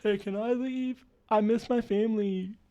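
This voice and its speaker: A man voicing a whiny captive in his twenties who begs in a high, strained voice to go home to his family. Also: steady tone, a little slow, dark tone, highs cut off. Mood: pleading. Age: 20s. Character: whiny captive young adult begging to go home.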